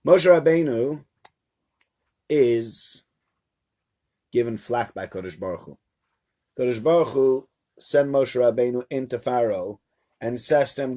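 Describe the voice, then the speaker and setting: A man, a rabbi, teaching a live-streamed Torah lesson to a small audience in a room, in an animated, chatty storytelling manner. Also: mid-range voice, a little slow, long pauses. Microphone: camera mic.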